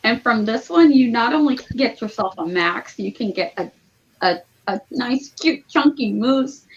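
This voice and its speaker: A woman's voice: fairly high pitch, animated, unhurried, slight background noise. A woman co-hosting a casual book podcast, chatting loosely with frequent fillers. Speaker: book club co-host. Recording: slightly dull lo-fi audio.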